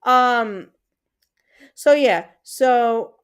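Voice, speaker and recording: A woman's voice: on the high side, animated, drawn-out words, clear, resonant tone. A woman in her thirties hosting a livestream, telling a family story in a chatty way and breaking off to answer her chat. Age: 30s. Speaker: livestream host. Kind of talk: casual chat with live chat viewers.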